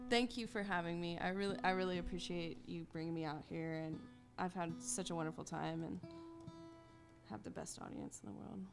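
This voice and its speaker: A singer-songwriter woman chatting casually between songs in a rambling, self-deprecating way, with soft laughs. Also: fairly low pitch, moderate pace, vocal fry. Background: guitar tuning faintly.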